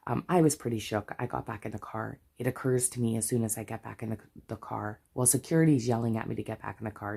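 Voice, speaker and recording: A woman's voice: a bass voice, gravelly, warm tone, slightly rough. A middle-aged Canadian woman telling a story in a casual chat, chatty and full of asides. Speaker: budgeting vlogger.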